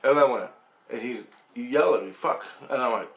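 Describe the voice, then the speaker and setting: Talking fairly quickly, this Canadian storyteller recounts a strange night of his own in a loose, conversational way at a normal mid pitch. He mimics rotor noises, performs the voices he quotes, and peppers it with offhand curses and chuckles.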